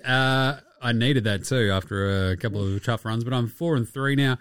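A man's voice: medium pitch, normal speed, hardly any pauses, smooth, no room sound. A young Australian man co-hosting a sports podcast, swearing freely and joking in casual chat. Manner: swears freely, animated and jokey. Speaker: podcast co-host.

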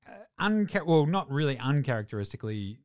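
A man's voice: medium pitch, sing-song, fast talker, a little mellow, no echo, studio quality. A man hosting a casual sports podcast, laid-back, laughing and swearing as he recaps games. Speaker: podcast host.

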